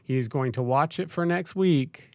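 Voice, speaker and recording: A man's voice: a little high, a little slow, no room sound. A man co-hosting a podcast, steadily reading out a movie's plot between casual remarks. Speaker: podcast co-host.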